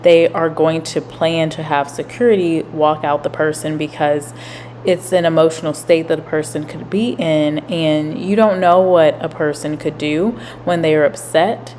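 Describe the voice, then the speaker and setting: A woman hosting a commentary video, explaining workplace rules in a measured way. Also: low voice, fairly even intonation, a little mellow, slight background noise. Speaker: commentary host. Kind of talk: reaction commentary.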